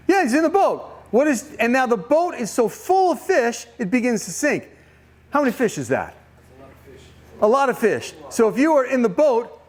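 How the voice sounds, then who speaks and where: A man giving a youth camp sermon, retelling a Bible story and questioning his listeners. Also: very high-pitched. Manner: animated storytelling, questions to the audience. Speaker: camp speaker.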